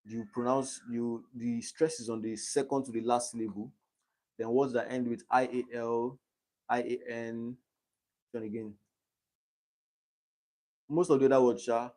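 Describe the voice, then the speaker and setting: A man's voice: mid-range voice, mellow. Young man tutoring on a live stream. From Nigeria. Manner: reads quiz options aloud and checks understanding.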